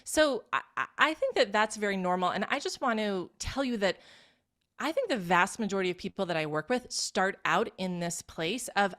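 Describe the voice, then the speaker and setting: A woman's voice: mid-range voice, animated, moderate pace, fairly bright tone. A woman coach in casual conversation, reassuring and explanatory in how she talks.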